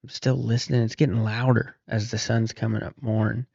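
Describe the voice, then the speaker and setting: Speaking a little fast in a creaky, husky mid-range voice, this middle-aged author spins long, relaxed anecdotes as a podcast guest, restarting often. The lo-fi podcast sound is dull, with no echo.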